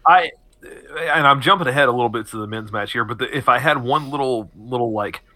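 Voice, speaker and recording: Bright, wry man chatting. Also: medium pitch, a little fast, no echo. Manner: wry, laughs easily, slips into mocking quotes. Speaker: podcast co-host. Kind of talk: casual wrestling chat.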